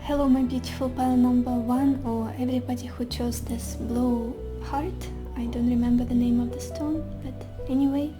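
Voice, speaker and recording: A woman giving a tarot reading to camera, talking softly with many pauses and fillers. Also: fairly high pitch, steady tone, music in the background, poor audio. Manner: soft, searching, often pausing with fillers. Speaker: tarot reader.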